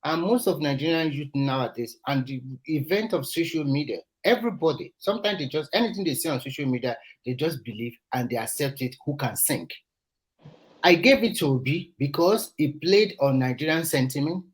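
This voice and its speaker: A man speaking as a guest on a political panel call, halting and restarting words as he argues his case. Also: fairly high pitch, animated, poor audio. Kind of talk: heated political panel discussion.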